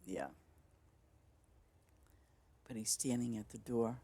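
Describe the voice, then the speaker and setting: A woman's voice: very deep voice, slow, dark tone, husky. A woman game streamer chatting casually with her viewers as she signs off, rambling with lots of fillers and restarts. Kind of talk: casual stream sign-off chat.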